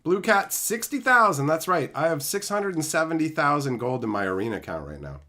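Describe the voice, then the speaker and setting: Animated ranting Canadian man. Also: on the high side, brisk. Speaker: YouTuber and streamer. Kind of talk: profane livestream rant.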